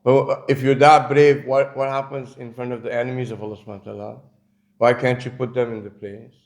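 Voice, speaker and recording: A man's voice: mid-range voice, flat delivery, brisk, darkish tone. A man delivering a conversational religious lecture, telling stories with many casual asides. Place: community centre lecture.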